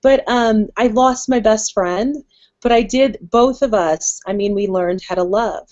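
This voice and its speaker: A woman's voice: mid-range voice, a little slow, a little mellow. Casting: young woman, open and talkative guest, filler-heavy storytelling, muffled lo-fi stream audio. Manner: candid, storytelling, uses "like" a lot. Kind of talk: casual chat.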